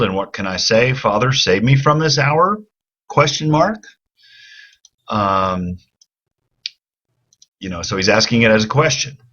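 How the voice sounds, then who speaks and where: A man with a very low, husky voice talks through a lesson in a loose, unhurried way, stopping and restarting as he thinks aloud. His tone has a bright, forceful edge, and the recording sounds dull and lo-fi. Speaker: Greek professor. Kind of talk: informal classroom lecture.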